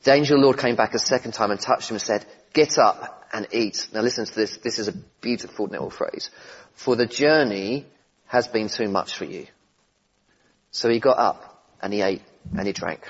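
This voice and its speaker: A man preaching a sermon in a relaxed, conversational way, with gentle humour and asides to the congregation. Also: fairly low pitch, normal speed, breathy edge, muffled recording.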